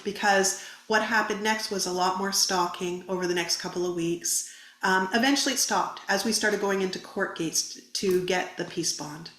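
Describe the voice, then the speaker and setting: A woman's voice: medium pitch, steady tone, normal speed, fairly bright tone. A woman guest on a podcast, earnestly retelling a personal story and acting out the dialogue. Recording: roomy echo.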